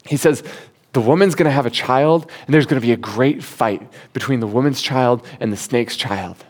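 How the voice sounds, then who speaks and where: A man preaching a sermon in an animated, conversational way, asking rhetorical questions and acting out the quotes he tells. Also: medium pitch, normal speed.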